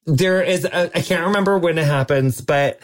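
A man hosting a podcast interview in a playful, jokey way with quick asides and self-interruptions. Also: on the high side. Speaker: podcast host. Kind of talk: casual interview chat.

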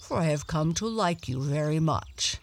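A woman reading a storybook aloud and voicing a friendly, warm-hearted male dog in a slower, lower and louder voice with a changed timbre. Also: expressive, creaky, a little hiss or hum.

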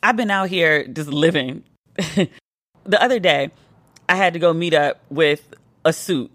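A woman's voice: sits low, measured pace, a bit bright, dry recording, clean studio sound. A woman hosting a podcast, tipsy and telling a playful story in a casual monologue, now and then mimicking her friends. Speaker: podcast host.

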